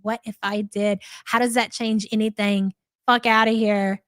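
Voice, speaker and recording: A woman's voice: medium pitch, level tone, moderate pace, fairly bright tone, dry recording. A woman hosting a live reaction stream, reading out chat messages in a blunt, profane, mocking way.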